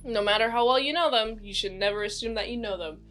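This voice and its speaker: A fairly high-voiced woman talks through a TV episode in a loose, rambling recap. She gets excitable and fills her talk with fillers. Soft music plays quietly behind her. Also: quick pace. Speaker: TV show reviewer. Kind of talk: casual recap and review. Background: faint background music.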